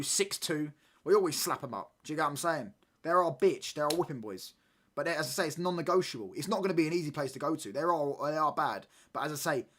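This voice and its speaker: A man in his 20s chats casually on a football watchalong stream, often asking "do you get what I'm saying?" His voice is a little high and a bit bright.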